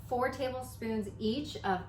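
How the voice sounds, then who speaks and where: A woman's voice: fairly high pitch, measured pace, a little mellow. A young woman hosting a casual home baking show, walking through a recipe with playful, self-mocking asides in her kitchen. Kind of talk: casual cooking tutorial. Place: home kitchen with construction noise outside. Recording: echoey kitchen with construction noise.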